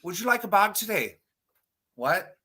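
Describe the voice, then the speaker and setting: A man's voice: high voice, sing-song, a little slow, bright, forceful tone, breathy edge, voice pushed up, exaggerated voice. A man voicing a friendly Irish grocery cashier with an Irish accent, in breezy, friendly checkout chatter.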